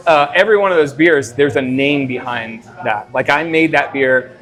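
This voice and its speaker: A man with an American Midwest accent, a brewery owner and head brewer, telling stories in a casual interview, with a halting delivery full of fillers and restarts. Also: medium pitch, fairly bright tone. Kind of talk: casual conversational storytelling.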